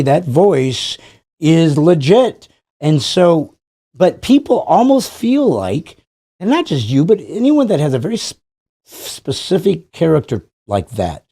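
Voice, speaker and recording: Male podcast host, low warm voice, lively delivery, studio interview. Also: husky. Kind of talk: casual interview chat.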